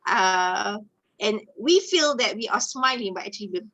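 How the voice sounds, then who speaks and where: A woman's voice: medium pitch, lively intonation, moderate pace, fairly bright tone, rough recording. A woman from Malaysia giving a teacher-training webinar over a video call, tagging nearly every phrase with "okay" and "all right" and slipping into Malay now and then. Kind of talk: webinar lecture.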